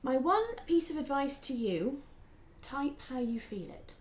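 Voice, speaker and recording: Actress as a teasing inner voice in a radio play, high bright voice, roomy echo. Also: female voice, expressive, a little slow. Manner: teasing, playful. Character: teasing young woman, voice in his head.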